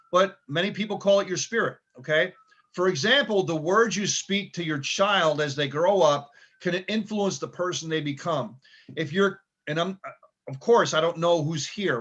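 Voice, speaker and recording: A middle-aged man with a slightly high-pitched voice gives a motivational talk. He speaks in a loose, conversational way, often checking in with "okay" and "right". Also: a bit bright, muffled recording.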